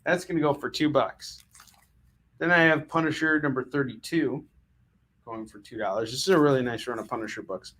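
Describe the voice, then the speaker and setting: A man's voice: mid-range voice, fairly quick, a bit bright. A man running a live comic book sale, full of puns and jokey sales patter.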